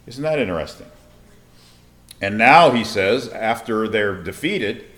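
A man's voice: mid-range voice, very animated, a little slow. A man giving a conversational sermon, reading scripture and asking his listeners rhetorical questions. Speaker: Bible teacher.

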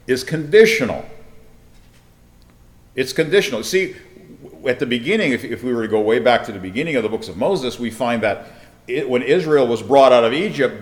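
A man giving a conversational sermon, reading scripture and asking his listeners rhetorical questions. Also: mid-range voice. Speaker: Bible teacher.

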